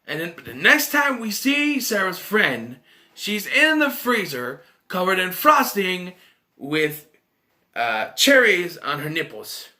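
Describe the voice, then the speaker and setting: A young man rambles through a casual movie review with incredulous, rhetorical questions and many restarts. His pitch swoops widely as he talks. His tone is bright and keyed up. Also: very animated, takes it slowly.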